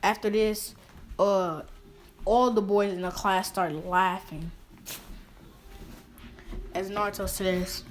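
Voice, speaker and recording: A woman's voice: medium pitch, steady tone, slow pace, long pauses. Rambling woman telling a fan story. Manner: rambling with fillers and restarts. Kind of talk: improvised fan story narration.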